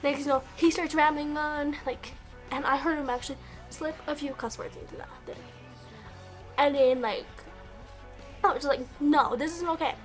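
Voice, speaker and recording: A woman's voice: high voice, soft background music. A woman vlogger telling a story casually and animatedly, acting out the dialogue. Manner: animated, quick bursts, acts out dialogue. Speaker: beauty vlogger.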